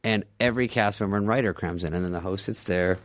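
A man's voice: lowish voice, quick pace. A middle-aged man, a former sketch show writer and performer, telling loose, funny stories as a guest, laughing often and swearing freely. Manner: animated, laughs often, swears freely, mimics other people. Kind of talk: casual storytelling in a podcast interview.

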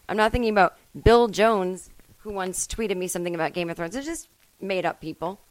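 A woman's voice: mid-range voice, a little fast, no echo, poor audio. Rambling self-mocking woman podcast host. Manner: rambling, self-mocking, swings into loud bursts. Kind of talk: comedic solo monologue. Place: at home.

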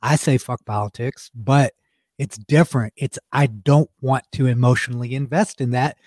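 This podcast co-host has a medium-pitched, darkish voice that stays steady at a normal speed. In casual chat he speaks bluntly and emphatically and swears freely. The studio sound is clean, with no room sound.

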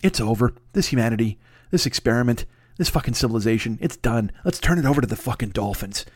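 Fast-talking, foul-mouthed podcast host. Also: male voice, mid-range voice, expressive, slightly rough, dry recording, clean studio sound. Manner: profane, rambling, self-deprecating. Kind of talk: casual comedic rant.

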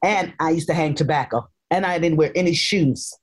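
An older woman, a guest joining by remote line, telling stories from her childhood in a playful, expressive way. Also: low-pitched, fairly quick, slightly rough. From North Carolina, raised in Harlem. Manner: animated storyteller, playful and expressive. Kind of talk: casual chat.

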